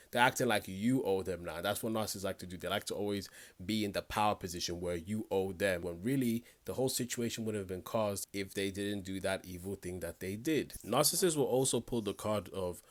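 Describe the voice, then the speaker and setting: Deep-voiced man giving blunt commentary. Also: brisk, hardly any pauses. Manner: blunt, conversational, lectures the viewer directly. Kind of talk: reaction commentary.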